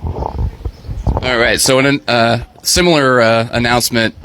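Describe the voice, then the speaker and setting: Casual male podcast host, bright and punchy, teasing, faint room noise. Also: mid-range voice, steady tone, measured pace. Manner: joking, teasing, laughs often. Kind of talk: casual banter recap.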